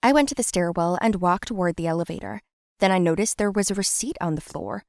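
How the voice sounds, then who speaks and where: Young adult woman, scripted first-person narration, plain and steady, middle pitch, dry close mic. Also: quick pace, gravelly, dry recording.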